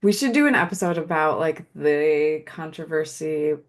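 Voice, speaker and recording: A woman's voice: sits low, lively intonation, normal speed. A woman co-hosting a podcast in casual chat, laughing easily and swearing casually. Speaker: podcast co-host.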